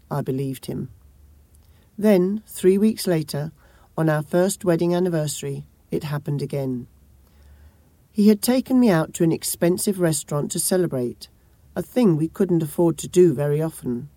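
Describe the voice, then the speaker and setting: A woman reading a first-person memoir-style story in a measured, grave manner. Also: low voice, lively intonation, dark tone, no room sound. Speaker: audiobook narrator. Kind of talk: first-person audiobook narration.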